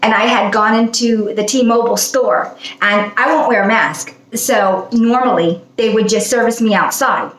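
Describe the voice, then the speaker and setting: A woman's voice: a little high, moderate pace, a bit bright, reverberant, rough recording. A woman hosting her own channel, talking in a casual spoken monologue, chatty and often breaking into laughs. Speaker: channel host.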